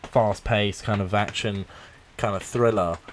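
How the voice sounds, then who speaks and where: A man's voice: fairly low pitch, fairly even intonation, a little slow, slight background noise. A man co-hosting a comedy podcast, chatting casually, swearing freely and acting out film scenes in silly voices. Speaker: podcast co-host.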